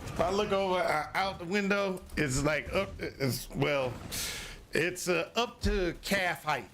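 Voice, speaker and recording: A man's voice: sits high, a little slow, a bit bright, slight background noise. A man from North Carolina streaming a video game, chatting casually in a rambling, repetitive way. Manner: rambling and repetitive, restarts phrases. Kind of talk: casual chat while gaming.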